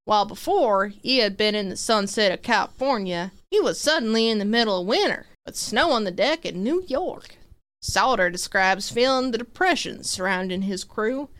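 A woman at a middle pitch, a bit tipsy, reads spooky ship lore aloud on a casual podcast. She breaks off now and then for a laugh or a curse before drifting back into loose talk. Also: a bit bright, clear, resonant tone. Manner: reads a script with laughing asides and swearing. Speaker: podcast co-host. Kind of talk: reading ghost stories in casual chat.

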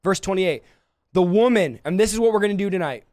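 A man preaching a livestreamed sermon, impassioned, swinging between soft and loud passages. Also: high-pitched, animated, quick pace, dry recording, studio quality.

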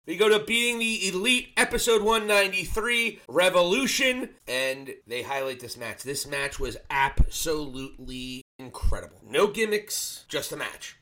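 A man hosting a casual wrestling recap, excitable and swearing casually. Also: high-pitched, unhurried.

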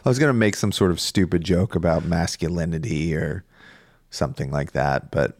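Low-voiced man telling a rambling story. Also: moderate pace, darkish tone, dry recording, studio quality. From Northern California. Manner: rambling storyteller, laid-back and profane. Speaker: podcast co-host. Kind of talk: casual chat.

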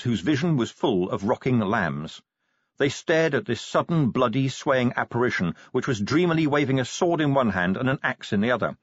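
Husky man narrating an audiobook dramatically. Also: mid-range voice, dry recording. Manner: expressive, dramatic storytelling. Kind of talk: audiobook narration of a comic fantasy novel. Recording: dull, dry, lo-fi audiobook recording.

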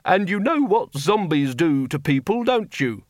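A man voicing a huge male werewolf who speaks evenly and deliberately, with quiet menace. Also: sits high, no echo, clean studio sound, voice pushed up. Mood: menacing calm. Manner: even, deliberate threats.

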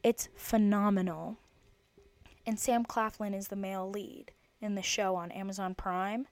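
A twenty-year-old woman hosts her own solo podcast, chatting casually in a rambling, jokey manner. Her mid-range voice stays steady in tone and unhurried.

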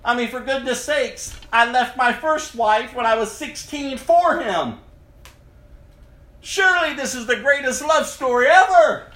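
A man with a high, forceful voice gives a personal testimony slowly and deliberately. He tells it dramatically, swinging from loud outbursts to hushed tones. The room around him is echoey. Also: expressive. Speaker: speaker giving a personal testimony. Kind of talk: emotional testimony to an audience.

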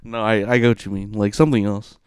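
A man's voice: lowish voice, level tone, fast talker, clean tone, dry recording. A man co-hosting a podcast in casual chat, teasing his friend and laughing often. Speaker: podcast co-host.

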